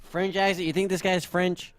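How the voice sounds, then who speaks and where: Guy casting esports w a pretty high voice, dry jokey banter. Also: little pitch movement, normal speed, a bit bright. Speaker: esports caster. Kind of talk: casual esports commentary.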